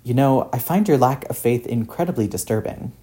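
A man voicing a glib, quick-witted grown man who dodges with fast wisecracks. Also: medium pitch, lively intonation, dark tone, lightly acted. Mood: evasive.

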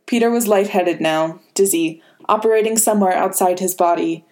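A woman narrates a story aloud at a medium pitch, measured and steady. She lets tense moments land with dramatic weight. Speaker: fan fiction reader. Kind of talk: scripted narration.

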